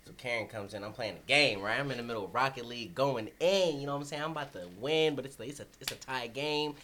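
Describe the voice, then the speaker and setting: A man co-hosting a podcast in a casual chat, telling slangy, animated stories and laughing through them. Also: mid-range voice, fast talker. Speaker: podcast co-host.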